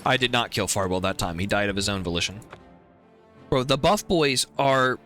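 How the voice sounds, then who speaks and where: Excitable swearing male game streamer. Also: fairly low pitch, normal speed, soft background music. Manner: excitable, swears, urges and pleads with game characters. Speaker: streamer playing a video game. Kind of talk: live gameplay commentary.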